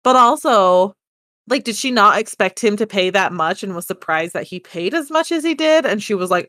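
A woman's voice: mid-range voice, expressive, normal speed, fairly bright tone, dry recording. Chatty woman podcast co-host, dry sound. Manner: chatty, rambling, self-deprecating. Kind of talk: casual chat.

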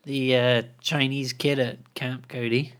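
A man's voice: mid-range voice, level tone, unhurried, a bit bright. A man chatting casually on a podcast, telling rambling anecdotes with laughing asides. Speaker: podcast co-host. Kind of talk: casual chat, storytelling.

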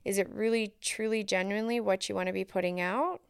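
A woman's voice: medium pitch, fairly even intonation, brisk, vocal fry, clean tone, no room sound, clean studio sound. A woman hosting a solo podcast, talking in a reflective, earnest way and thinking aloud with fillers. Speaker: podcast host.

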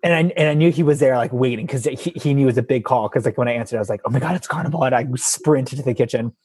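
A man with a husky voice, a guest telling an animated story in casual chat and acting out the quotes. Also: mid-range voice, racing, no echo.

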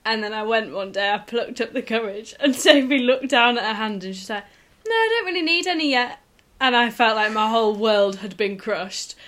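A woman's voice: on the high side, fairly even intonation, fairly bright tone. A young woman, chatting and telling stories to her best friend on a casual podcast, often giggling. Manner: rambling, giggly, quick storytelling with acted quotes. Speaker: podcast co-host.

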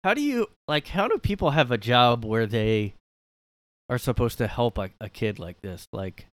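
A man's voice: mid-range voice, sing-song, normal speed, no room sound. A man hosting a podcast from his room, rambling through mocking commentary on a clip, full of fillers and asides. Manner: mocking, incredulous. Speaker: podcast host. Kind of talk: casual commentary reacting to clips.

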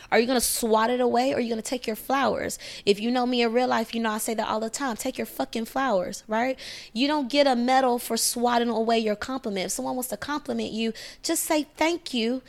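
A woman hosting a podcast, giving casual astrology advice in a lively way, often checking in with "right?" and "okay?". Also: a little high, brisk. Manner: animated, acts out quoted voices, frequent "right?" and "okay?". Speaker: podcast host.

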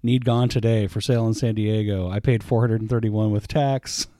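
A man's voice: lowish voice, steady tone, moderate pace, warm tone, no room sound. A married man co-hosting a podcast in a casual chat, dry and teasing, with some swearing. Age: adult, married ten years. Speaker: podcast co-host.

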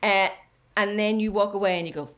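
A woman talking on a podcast, giving animated advice and coaching the host, sometimes dropping to a near whisper. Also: mid-range voice, a little fast. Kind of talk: casual podcast chat.

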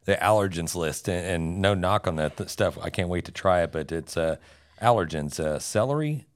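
A man co-hosting a podcast, talking casually with halting, stammering restarts. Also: low-pitched, expressive. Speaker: podcast co-host. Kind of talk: casual chat.

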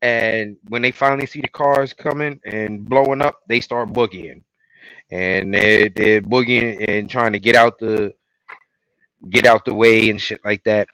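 A man co-hosting a casual podcast, retelling TV episode scenes in an animated way and acting out the lines. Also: on the low side, unhurried, gravelly, no room sound, poor audio. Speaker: podcast co-host. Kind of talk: casual recap chat.

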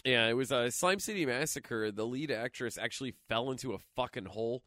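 A man's voice: mid-range voice, a little fast, pushed and bright, dry recording, clean studio sound. A man co-hosting a podcast, recapping a film in crude, joking banter, full of swearing and fillers. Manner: profane, laughing, joking, trailing off with fillers. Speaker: podcast co-host.

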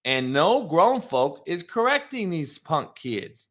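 A man's voice: on the high side, big pitch swings, slow pace, fairly bright tone. A man in his forties, a former football coach, telling a blunt, profane, heated story and ranting about disrespectful kids. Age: 40s.

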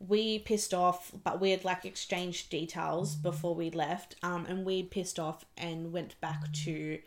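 A woman's voice: lowish voice, steady tone, a little slow. A young woman hosting a casual podcast, recounting a trip with friends. She talks loosely, full of likes and ums, swears freely, and laughs easily as she goes. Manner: chatty, swears freely, laughs often, many fillers. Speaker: podcast host. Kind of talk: casual storytelling chat.

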